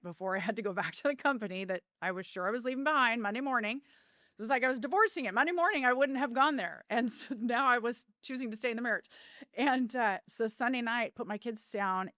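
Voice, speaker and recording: Middle-aged woman, interview guest, earnest heartfelt storyteller, smooth clean voice. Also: on the high side, brisk, sharp tone, dry recording, clean studio sound. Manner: earnest, heartfelt, with vivid retelling. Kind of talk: personal storytelling in a podcast interview.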